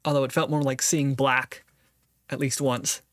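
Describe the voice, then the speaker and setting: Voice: mid-range voice, level tone, moderate pace, no room sound. A podcast host giving earnest, reflective solo commentary on a philosophy text, thinking aloud and restarting phrases often.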